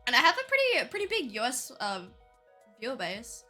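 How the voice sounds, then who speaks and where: A young Australian woman with a strong accent chats casually to her stream audience, her voice bright and forceful. She leans on "like" a lot and keeps breaking into quick laughs. Faint music plays underneath. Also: high voice, wildly swooping pitch. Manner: chatty, fills talk with "like", laughs often. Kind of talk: casual livestream chat.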